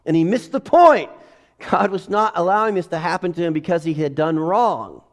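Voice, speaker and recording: A man preaching a sermon, moving between quiet reflective passages and loud, rising exclamations. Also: high-pitched, expressive, moderate pace. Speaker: pastor.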